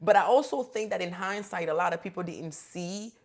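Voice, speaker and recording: A woman's voice: lowish voice, a little fast. A young woman from Africa co-hosting a podcast, speaking earnestly and reflectively about her relationship. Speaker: podcast co-host. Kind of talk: casual chat.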